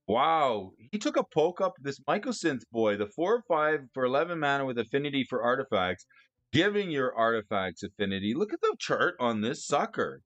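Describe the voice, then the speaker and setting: Excitable man with a lively, bouncing voice. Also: mid-range voice, brisk, no room sound, lo-fi sound. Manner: excitable, stammering restarts, frequent laughter. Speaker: streamer discussing card prices. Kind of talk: casual live-stream chat.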